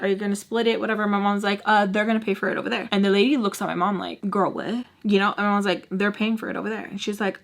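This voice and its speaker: A woman's voice: medium pitch, steady tone, a bit bright. A young woman vlogger telling a personal story in a casual, chatty way, acting out the other people's lines as she goes. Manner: chatty, acts out everyone's lines in quick quoted voices.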